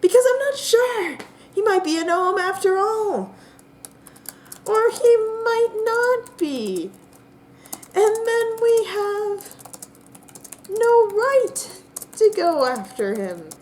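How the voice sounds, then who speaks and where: A woman voicing a flustered player character in a squeaky, panicky voice. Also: sing-song, slow pace, pauses often, a little hiss or hum, exaggerated voice. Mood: unsure.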